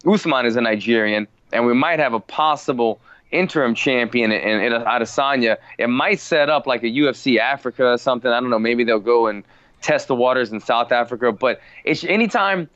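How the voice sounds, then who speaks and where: A man guest on a podcast, chatting casually, relaxed, repeating words and saying "man" a lot. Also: medium pitch, brisk, dry recording, muffled recording. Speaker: guest fighter. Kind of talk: casual interview chat.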